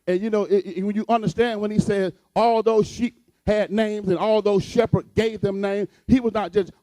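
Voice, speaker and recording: A man's voice: high voice, fairly even intonation, normal speed, warm tone, no echo. A man preaching a sermon as pastor, with a repetitive cadence that builds to fervent emphasis.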